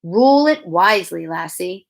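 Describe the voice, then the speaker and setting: A woman's voice: fairly low pitch, animated, normal speed, vocal fry. Woman putting on an old Irish grandfather. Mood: fond. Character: old Irish great-grandfather with a thick brogue.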